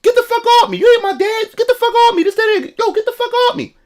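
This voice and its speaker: A man voicing an angry young boy who shouts and curses back. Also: very high-pitched, expressive, fast, voice pushed up. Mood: defiant. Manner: shouting, cursing.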